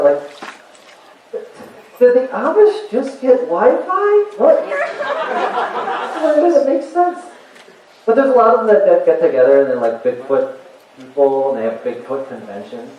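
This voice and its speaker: A roughly forty-year-old man with a slightly high voice and a faint hiss or hum does a chatty, rambling stand-up set on a convention stage before a live crowd. He's animated, full of fillers, and laughs at his own jokes. The hall recording is very echoey, distant and muffled.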